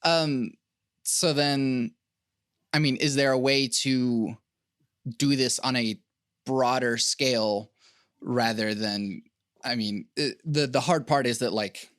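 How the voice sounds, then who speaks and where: A man's voice: mid-range voice, steady tone, takes it slowly, pauses often, fairly bright tone, smooth, no echo, clean studio sound. A man hosting a podcast, asking hesitant questions with many fillers. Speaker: podcast host. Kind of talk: casual conversational interview.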